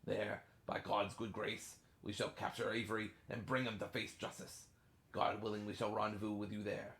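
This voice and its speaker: A man's voice: lowish voice, completely flat delivery, normal speed, creaky, fairly bright tone, roomy sound. A man voicing a male pirate in a put-on old British pirate accent, reading a letter in a hammy mock-solemn way.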